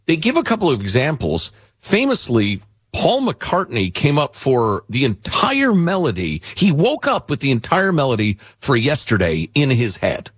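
A man's voice: medium pitch, huge pitch swings, moderate pace, a bit bright, breathy edge, dry recording, studio quality. A man hosting a talk radio show, chatting casually and rambling with lots of fillers and restarts.

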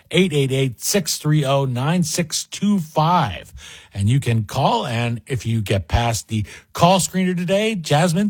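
A man's voice: fairly high pitch, husky, no echo. A man guest hosting a talk radio show, chatting to listeners in a folksy, direct monologue.

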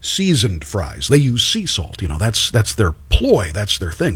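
A man's voice: on the low side, wildly swooping pitch, measured pace, hardly any pauses, a bit bright, breathy edge, no echo. A man hosting a talk show, chatting casually and telling stories with plenty of restarts. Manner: chatty, storytelling, many restarts. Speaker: radio show host.

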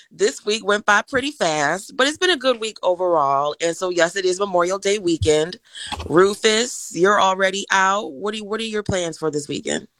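A woman from the Chicago suburbs presenting a segment on a morning show, cheerful and quick to laugh. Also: medium pitch, lively intonation, a bit bright, dry recording. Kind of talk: casual morning show banter.

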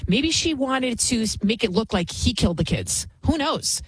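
A woman's voice: a little high, big pitch swings, moderate pace, breathy edge, no echo, low-quality recording. A woman hosting a talk show, giving indignant, emphatic commentary and often repeating phrases for effect. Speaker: show host. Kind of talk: opinionated commentary.

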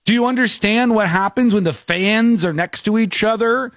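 A man's voice: sits high, normal speed, vocal fry, hardly any pauses, a bit bright, dry recording, studio quality. A man hosting a show, ranting with scorn in opinionated commentary. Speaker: show host.

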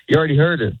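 A man's voice: mid-range voice, dry recording. A stand-up comedian in his forties, chatting in a rambling way with lots of restarts and laughs, as a guest in an interview. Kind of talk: casual interview chat. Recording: tinny phone-like radio line, dry.

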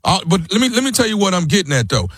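A man calling a salon and complaining loudly and repetitively. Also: high voice, sing-song, rapid-fire, background noise. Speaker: caller.

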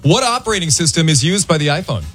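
Upbeat male radio host, quick and playful, with lively swings in pitch over a music bed. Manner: jokey, quick, laughs often. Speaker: radio morning show host. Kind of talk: casual radio banter.

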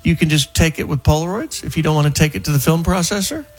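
Speaking quickly in a voice on the high side, this man hosts a call-in radio talk show with soft music in the background. He chats loosely with callers and guests and often starts his sentences over.

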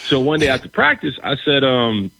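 A middle-aged man, a former pro football player, telling a story in a casual conversation, animated, often restarting his phrases and asking "right?". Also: mid-range voice, normal speed, gravelly, no room sound. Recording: dull, slightly lo-fi recording.

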